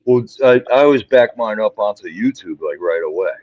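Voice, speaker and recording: A man in his sixties chats casually on a streamed call, his lowish voice muffled by a lo-fi line and dry. He drawls along easily, often ending with "man". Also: lively intonation, a little fast, darkish tone, no room sound. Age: 60s. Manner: drawling, ends lines with "man". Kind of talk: casual chat. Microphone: video call.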